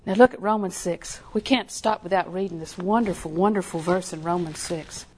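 Folksy older woman preaching. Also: fairly low pitch. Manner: folksy, storytelling with laughs, slow emphatic repetition. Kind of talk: sermon.

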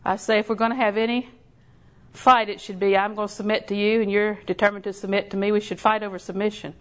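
An older woman preaching a sermon in a folksy, storytelling way, with slow emphatic repetition. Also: medium pitch, little pitch movement.

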